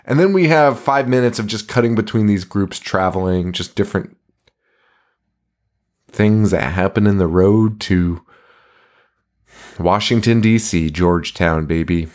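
A man's voice: lowish voice, measured pace, pauses often. A man casually retelling a movie's plot on a podcast, swearing and laughing as he goes. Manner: animated, swearing, laughing while retelling scenes. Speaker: podcast co-host. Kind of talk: casual movie recap chat.

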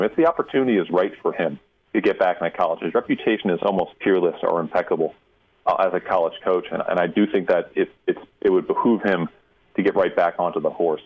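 Deep-voiced man on a phone line. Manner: measured, emphatic analysis. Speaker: guest college football insider. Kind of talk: radio interview answers.

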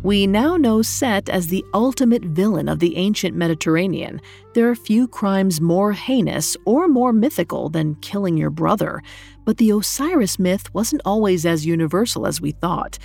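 A woman telling a myth in scripted, measured, dramatic narration. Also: mid-range voice, lively intonation, creaky, darkish tone, soft background music. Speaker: storyteller.

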